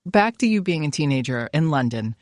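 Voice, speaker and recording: A man's voice: on the high side, big pitch swings, brisk, no room sound, studio quality. An American man hosting an interview, playful and enthusiastic, teasing his guest. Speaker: podcast host. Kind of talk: casual interview chat.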